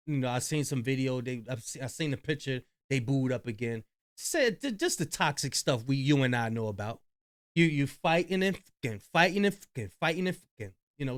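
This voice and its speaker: A man hosting a reaction video, chatting loosely with slang and profanity about clips he plays. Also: mid-range voice. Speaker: reaction channel host. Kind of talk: casual commentary on clips.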